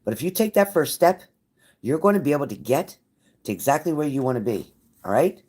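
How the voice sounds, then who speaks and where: A woman's voice: deep voice, sing-song, a little fast, dark tone. A woman giving a live tarot reading to viewers, blunt and profane, with a pep-talk delivery that repeats phrases for emphasis. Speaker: tarot reader.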